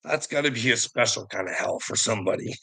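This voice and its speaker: A man with a gravelly, rough-edged voice tells a rambling personal story, cursing freely and chuckling as he goes. His tone is bright and forceful, with a husky grain. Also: medium pitch, animated, fast talker, low-quality recording. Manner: profane, rambling, laughs often. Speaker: vlogger. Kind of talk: casual storytelling monologue.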